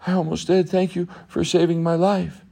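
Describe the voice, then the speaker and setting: A man voicing a polite, frightened young boy in a told bedtime story, speaking softly and pleading. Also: sits high, level tone, normal speed, gravelly, breathy edge, pitched above the performer's own voice, heavily acted. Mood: grateful.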